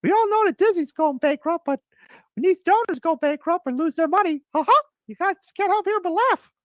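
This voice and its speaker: Squeaky Mickey Mouse. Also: female voice, expressive, brisk, dry recording, studio quality. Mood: mocking cheer. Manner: high squeaky falsetto impression with a mocking laugh. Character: chirpy cartoon mouse, cheerful then scolding.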